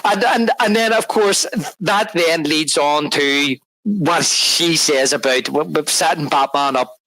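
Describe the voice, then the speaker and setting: A man's voice: on the high side, a little slow, no echo, rough recording. A man co-hosting a film podcast in casual chat, retelling scenes with energy, laughing often and restarting his words. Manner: animated, retells scenes and acts out the dialogue. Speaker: podcast co-host.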